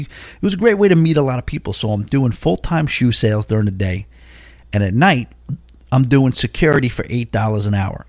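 A man's voice: medium pitch, darkish tone, dry recording, clean studio sound. A man, hosting a podcast and telling a long personal story in a casual, rambling way, full of asides and fillers. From Long Island, New York. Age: 40s. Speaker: podcast host.

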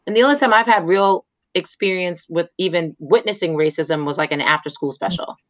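Woman, guest, lowish voice, dry sound, reflective, earnest, casual fillers. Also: brisk, no room sound. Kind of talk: personal storytelling in conversation.

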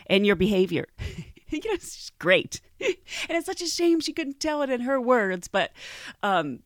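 A woman's voice: high voice, a little slow, no echo, studio quality. A woman hosting a podcast, telling a story casually, laughing often and acting out the people in it. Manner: giggly, animated, acts out quoted voices. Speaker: podcast host.

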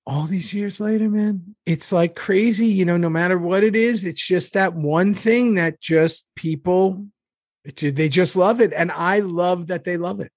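A man's voice: high-pitched, measured pace, dry recording, clean studio sound. A man co-hosting a podcast in casual chat, rambling through stories with many fillers and acted-out quotes. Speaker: podcast co-host.

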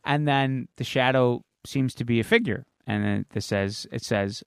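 A man's voice: medium pitch, moderate pace, vocal fry, clean tone, no room sound, studio quality. A man co-hosting a podcast, casually retelling a comic-book story with lots of fillers, restarts and swearing. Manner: rambling plot recap with fillers and swearing. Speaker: podcast co-host. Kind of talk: casual chat.

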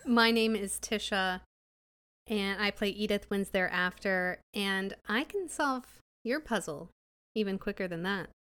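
A woman's voice: mid-range voice, a little slow, a bit bright, clean tone. Female player, cheeky and teasing, casual chat.

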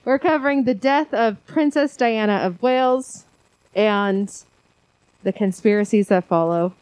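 A woman's voice: mid-range voice, a little slow, darkish tone, clear, resonant tone, no echo, poor audio. A woman co-hosting a casual conspiracy podcast, rambling and self-deprecating, often laughing. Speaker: podcast co-host.

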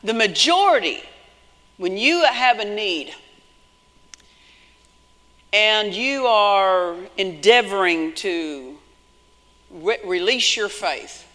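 A man preaching a sermon with emphatic delivery, rising to shouts at his peaks and telling stories in quoted voices. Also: sits high, lively intonation, very slow, long pauses. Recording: long hall reverb.

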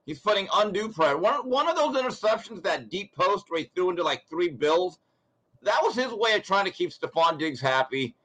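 A man's voice: high-pitched, sing-song, brisk, a bit bright, rough recording. A man giving blunt, ranting sports commentary as a show guest, acting out quotes from others. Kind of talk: opinionated sports talk.

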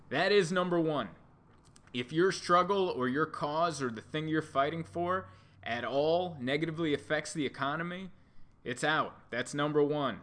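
A man doing a stand-up comedy routine, telling a rambling deadpan story with restarts and asides. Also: mid-range voice. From United States.

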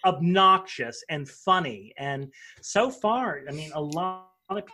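A man's voice: a little high, lively intonation, slow, bright, forceful tone. Man, author in interview, casual, rambling, restarts a lot. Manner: rambling, with many fillers and restarts. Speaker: author and podcaster.

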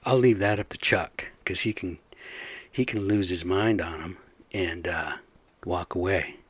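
A man's voice: sits low, measured pace, husky, no echo. A man who runs construction sites, ranting in a blunt, profane, fed-up way about careless workers. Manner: profane, blunt, frustrated venting. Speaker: construction site supervisor. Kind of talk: casual rant to camera.

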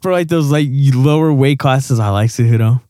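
A young man co-hosting a casual sports chat, crude and quick to laugh, with many fillers. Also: medium pitch, dark tone, dry recording, studio quality. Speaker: podcast co-host.

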